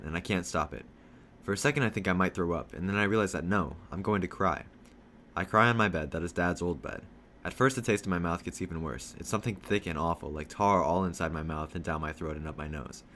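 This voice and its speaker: A man reading a novel aloud, telling a first-person story in a steady storytelling manner. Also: deep voice, a little hiss or hum. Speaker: reader.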